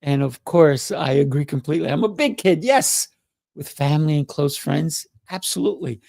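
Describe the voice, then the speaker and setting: Middle aged guy doing a live motivational stream, gravelly voice, goofy and laughy, dry close sound. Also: a little high, normal speed, dry recording. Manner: playful, excitable, laughs often. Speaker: livestream host. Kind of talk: motivational livestream talk.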